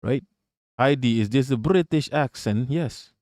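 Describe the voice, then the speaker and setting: A man's voice: mid-range voice, measured pace, a little mellow, dry recording, clean studio sound. A man hosting a live stream, reacting to news and chatting with viewers in a profane, sarcastic way. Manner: profane, sarcastic, talks to chat. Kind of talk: casual live-stream commentary.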